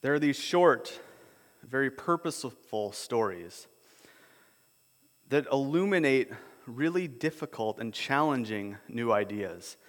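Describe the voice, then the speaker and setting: Conversational pastor in an echoing hall. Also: male voice, mid-range voice, animated, slow. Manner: conversational, repeats words as he restarts. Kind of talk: sermon. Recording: long hall reverb.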